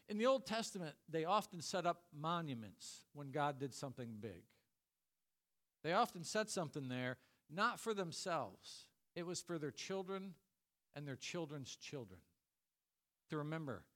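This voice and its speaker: A man's voice: a little high, sing-song, normal speed, a bit bright. A middle-aged man preaching a sermon as a pastor, telling the story with humor and acting out little voices.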